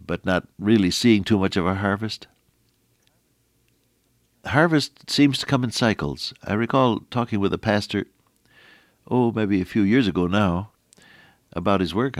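A man's voice: low voice, dry recording, studio quality. A middle-aged man preaching a radio sermon in a folksy, conversational way, with asides to the listener.

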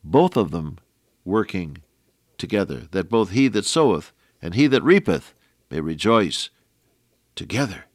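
A middle-aged man with a lowish voice delivers a folksy radio sermon, chatting with the listener between points of scripture. The sound is dry and close, with no room around it. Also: very animated, unhurried, pauses often, dry recording. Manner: folksy, preacherly, with asides to listeners. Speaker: radio preacher.

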